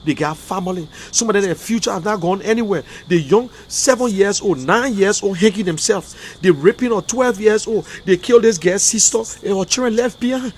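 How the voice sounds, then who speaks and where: Fiery Liberian man, high voice. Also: moderate pace, few pauses, breathy edge. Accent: Liberian English. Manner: emotional, fiery, repetitive outbursts. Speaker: online talk show host. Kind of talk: impassioned livestream commentary.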